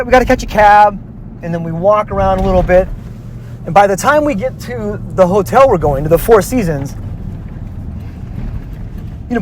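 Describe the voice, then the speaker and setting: A man's voice: high-pitched, slight background noise. A man casually telling a personal story, rambling with lots of filler words and restarts.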